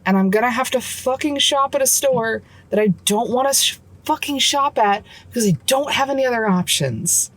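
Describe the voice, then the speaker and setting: A woman's voice: fairly high pitch, animated, normal speed, hardly any pauses, dry recording. Woman, mom, casual vlog rant, frustrated, swearing, venting, phone mic, in a car. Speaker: vlogger and mom. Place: in her car. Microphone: phone camera.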